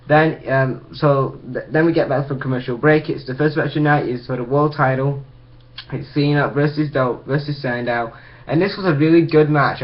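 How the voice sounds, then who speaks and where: A man's voice: medium pitch, highs cut off. A man casually recapping a wrestling show for his video channel, rambling with frequent restarts. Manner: rambling, full of ums and restarts.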